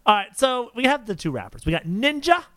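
A man's voice: very high voice, big pitch swings, a little fast, fairly bright tone, dry recording. A man hosting a podcast in casual chat, laughing often and tripping over names. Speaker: podcast host.

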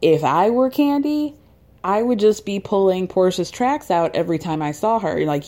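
A woman's voice: medium pitch, expressive, normal speed, mellow. A woman casually recapping with profanity, chatty and opinionated, laughing as she retells.

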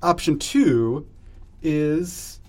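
A man's voice: a little high, extremely slow, a little mellow. A man hosting a book podcast, joking wryly and running the segments in a casual way. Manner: wry, jokey, reads out segment options. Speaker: podcast host. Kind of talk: casual chat.

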